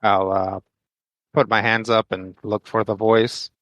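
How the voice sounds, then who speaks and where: A man taking part in a tabletop game, speaking with a fairly low voice. He talks hesitantly, stopping and restarting often, and his voice comes through dry and close. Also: level tone, fairly bright tone, no room sound. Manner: hesitant, halting, with fillers. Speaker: player.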